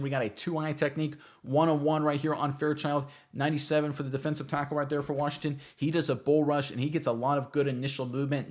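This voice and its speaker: A man hosting a football film review, breaking down plays in energetic, emphatic commentary with lots of rhetorical questions. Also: medium pitch. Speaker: football film analyst host.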